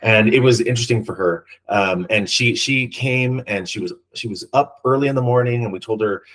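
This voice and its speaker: A man's voice: medium pitch, fairly quick, a bit bright, poor audio. A man co-hosting a podcast, chatting casually and rambling with many ums and restarts. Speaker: podcast co-host. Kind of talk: casual chat.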